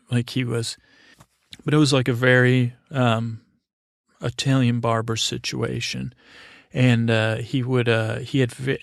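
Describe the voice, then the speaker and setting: Gravelly man telling a rambling story. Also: mid-range voice, no room sound, clean studio sound. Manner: halting and meandering, with many fillers and restarts; wry and self-deprecating.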